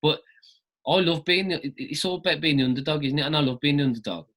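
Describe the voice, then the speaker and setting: A man's voice: fairly high pitch, fast talker, a bit bright. A man from Dudley with a Black Country accent, hosting a casual podcast chat and often repeating words as he gets going. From Dudley, England. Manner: chatty, repeats words as he starts sentences. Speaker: podcast host. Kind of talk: casual conversational interview.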